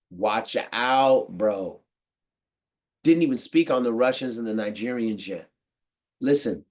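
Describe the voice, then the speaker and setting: An American man giving a casual, slangy monologue to the camera, animated and quick to laugh. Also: mid-range voice. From United States. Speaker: podcast host.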